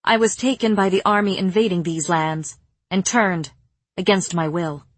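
A woman reading an audiobook, voicing a fearless young woman who speaks in a cool, clipped, steady way. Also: lowish voice, moderate pace, husky, dry recording.

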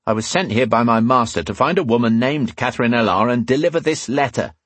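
A man's voice: medium pitch, a little fast, a bit bright, dry recording, voice pushed up, close to an everyday voice. A man playing a smug, cocky young nobleman messenger in a fantasy audiobook, teasing and mock-polite.

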